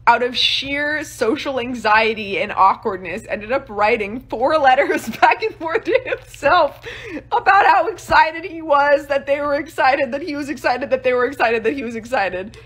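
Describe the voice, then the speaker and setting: A woman's voice: high voice, unhurried, breathy edge. A woman telling history stories in a casual, comedic way, chatty and full of filler words. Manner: chatty, constant filler words, animated voices. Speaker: history content creator.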